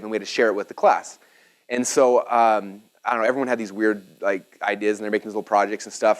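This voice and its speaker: Rapid-talking man presenting a seminar. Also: medium pitch. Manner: rapid, casual, full of "like" and restarts. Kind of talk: live seminar talk. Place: room with a live audience.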